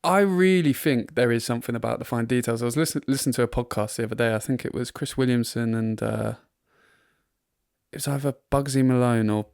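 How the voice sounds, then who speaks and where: A man's voice: medium pitch, fairly quick, creaky, darkish tone, smooth, dry recording, studio quality. A man from England co-hosting a football podcast, chatting casually and rambling with frequent laughs, recorded in his front room. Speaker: podcast co-host.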